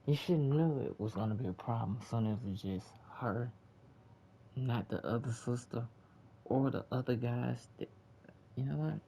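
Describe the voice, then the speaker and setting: A man's voice: mid-range voice, slow, vocal fry, long pauses, mellow. A man giving a profane, repetitive, exasperated casual movie review rant in a lo-fi home recording. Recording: dull lo-fi with faint hiss.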